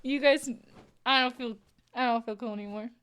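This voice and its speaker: A woman streamer chatting casually with her viewers while crocheting, playful and quick to laugh. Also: on the high side, a bit bright, clean tone. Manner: playful, laughs often, reads chat aloud.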